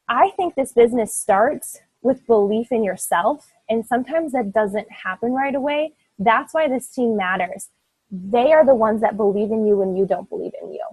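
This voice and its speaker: A woman's voice: fairly high pitch, darkish tone, breathy edge, no room sound, rough recording. A young woman coaching her fitness team, giving an earnest, emphatic motivational talk full of "like"s. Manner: earnest, emphatic, rambling with many "like"s.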